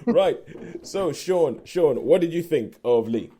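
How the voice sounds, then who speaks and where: A man hosting a casual podcast chat over a video call, animated and steering the conversation. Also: fairly high pitch, takes it slowly, slight background noise. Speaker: podcast host.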